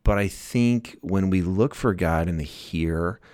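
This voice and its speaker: A man's voice: low voice, a little slow, darkish tone, no room sound, clean studio sound. A man speaking as an author guest in a casual podcast interview, thoughtful and laughing often as he talks.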